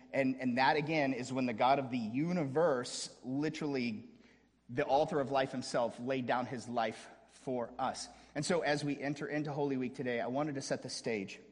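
A man preaching a sermon as a pastor, dramatic, dropping to a hush and then rising to a shout, with casual joking asides. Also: medium pitch, big-room sound.

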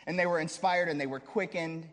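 Preaching a sermon, this pastor swings dramatically from hushed to shouting, tossing in easy jokes along the way. He talks a little fast in a somewhat high voice, and the long reverb of a large hall rings around him.

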